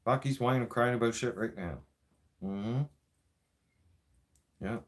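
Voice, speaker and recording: Male vlogger, mid-pitched, crude and repetitive mocking rant. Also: unhurried. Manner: vaping while talking. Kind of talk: profane political rant.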